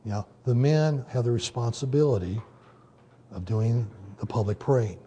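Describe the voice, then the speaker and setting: A man preaching a sermon in a conversational teaching manner, often pausing with "okay" and "you know". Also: medium pitch, animated, dark tone, a little hiss or hum. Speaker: pastor.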